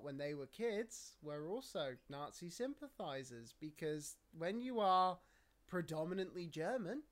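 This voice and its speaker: Brief: English man, podcast host, slightly high voice, loose and sweary casual talk. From England. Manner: swears freely, rambling, laughs between points. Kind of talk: casual chat.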